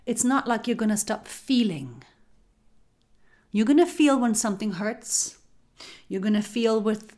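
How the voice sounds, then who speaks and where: Slow, soft-spoken woman giving spiritual guidance. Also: mid-range voice. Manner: soft and unhurried, drops into whispers for emphasis; repetitive, incantatory phrasing. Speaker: spiritual podcast host.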